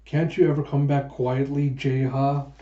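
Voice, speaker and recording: A gruff old pirate captain woman who smokes a pipe, as a male reader puts her on, chiding and dry, in a mellow voice. The room is echoey and the sound a bit dull. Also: mid-range voice, flat delivery, measured pace, natural voice.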